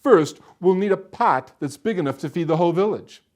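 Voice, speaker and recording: A hungry soldier home from the war, polite at first, then a grand, persuasive showman, as a storyteller puts him on. His voice swoops through a lively, wide pitch range, pitched a little above the middle. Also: fairly quick.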